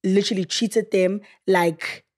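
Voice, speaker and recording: Host: young South African woman, husky tone, chatty storyteller who acts out quotes. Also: medium pitch, measured pace. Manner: animated storytelling, acting out quotes. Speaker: podcast host. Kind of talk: casual chat.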